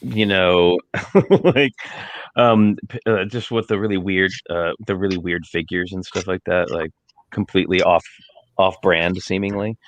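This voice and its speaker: A man's voice: low voice, steady tone, unhurried, slight background noise. A man chatting on a casual livestream over a video call, rambling with lots of fillers. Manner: rambling, filler-heavy, laughing.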